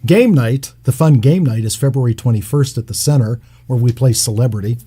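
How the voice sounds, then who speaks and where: A man's voice: mid-range voice, brisk, warm tone, husky. A man hosting a talk radio show, chatting casually and agreeably with his guest and signing off. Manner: easygoing, agreeable sign-off banter.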